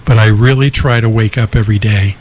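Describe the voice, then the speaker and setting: A man speaking in a reflective, thoughtful way, pausing with fillers as he gathers his words. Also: fairly low pitch, fairly even intonation, darkish tone. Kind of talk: reflective conversational talk.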